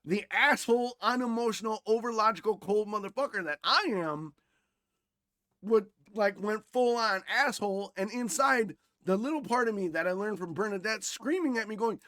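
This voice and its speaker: A man co-hosting a podcast, talking bluntly and with lots of swearing, going from loud rants to quiet reflection. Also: sits high, normal speed, no room sound, studio quality. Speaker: podcast co-host. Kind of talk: casual chat.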